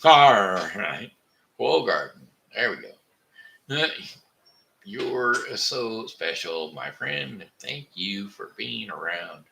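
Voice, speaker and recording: Gravelly slow-talking man. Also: fairly low pitch, lively intonation, background noise. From Missouri, USA. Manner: rambling and halting, with many fillers and restarts. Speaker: livestream host reading chat. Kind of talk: casual live-stream chat.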